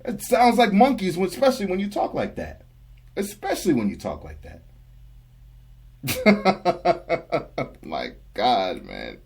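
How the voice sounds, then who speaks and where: Laughing, husky-voiced young man reacting. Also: a little high, huge pitch swings, takes it slowly, long pauses, a little mellow. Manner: laughing often, talks back at the clip. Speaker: reaction video host. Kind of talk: casual reaction commentary.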